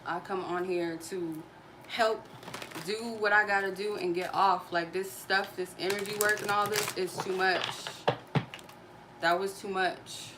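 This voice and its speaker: A woman hosting her own reading channel vents in an angry, profane live-stream rant aimed at a viewer. Her delivery is confrontational and cursing throughout. A clear, steady noise runs behind her voice. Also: mid-range voice, unhurried. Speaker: tarot card reader and channel host.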